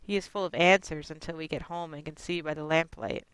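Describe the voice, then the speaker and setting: A woman's voice: low-pitched, fairly even intonation, fairly quick, fairly bright tone, clean tone, no room sound, rough recording. A woman performing a monologue as a stubborn immigrant grandmother in her late sixties. She speaks in blunt, broken English. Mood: fretful, blunt. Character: stubborn 68-year-old Chinese immigrant grandmother. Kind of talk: dramatic monologue.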